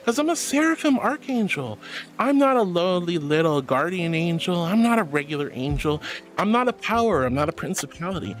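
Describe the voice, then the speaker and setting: A woman's voice: on the low side, lively intonation, moderate pace. A woman streamer chatting casually on a livestream, playful and theatrical, slipping into grand mock-solemn tones. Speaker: VTuber streamer.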